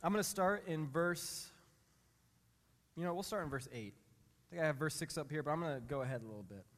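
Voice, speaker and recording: A man in his thirties or forties preaching a sermon. He reads scripture slowly, then tells a candid, self-mocking story about his family. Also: a little high, expressive, fairly bright tone. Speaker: pastor. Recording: long reverb in a big hall.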